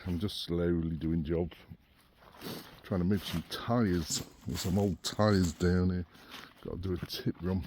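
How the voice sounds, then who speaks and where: A man's voice: low voice, fairly even intonation, a little slow, very noisy. A man chatting casually in a home renovation vlog, laid-back, often chuckling. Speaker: vlogger renovating a house. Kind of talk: casual vlog chat to camera. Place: outdoors on a rural property and indoors in a small kitchen.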